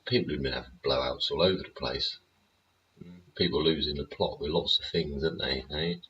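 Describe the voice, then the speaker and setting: A man's voice: very deep voice, brisk, fairly bright tone, slight background noise. A man hosting his show in a casual, rambling rant, swearing freely and tossing in tag questions. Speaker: show host. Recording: dull lo-fi recording.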